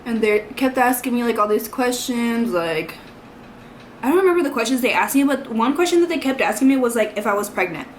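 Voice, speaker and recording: A woman's voice: a little high, very animated, fairly quick, slight background noise. Chatty young woman telling a story. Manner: chatty, rambling, heavy use of "like" and "you know". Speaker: vlogger. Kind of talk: casual storytime vlog.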